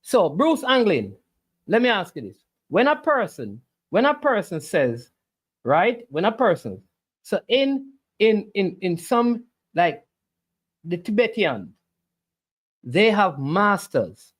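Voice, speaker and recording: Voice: medium pitch, sing-song, takes it slowly, husky. A livestream host, arguing back at the chat with preachy rhetorical questions. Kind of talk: casual argumentative livestream talk.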